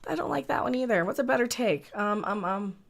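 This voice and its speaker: High, lively woman chatting on a stream. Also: fairly quick, vocal fry, slight background noise. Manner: giggly, scattered, thinking aloud. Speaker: livestream co-host. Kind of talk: casual livestream chat.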